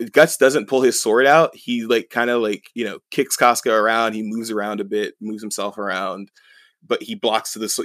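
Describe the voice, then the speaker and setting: A young man casually recaps a story on a podcast, rambling and full of fillers. His voice sits fairly low, and the recording is dry and close. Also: fairly bright tone, no room sound. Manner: rambling, filler-heavy, chuckling. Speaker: podcast co-host.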